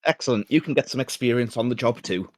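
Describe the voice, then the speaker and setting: A man playing a character in a tabletop game, speaking in character with a lively manner. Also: mid-range voice, quick pace, no echo. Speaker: player.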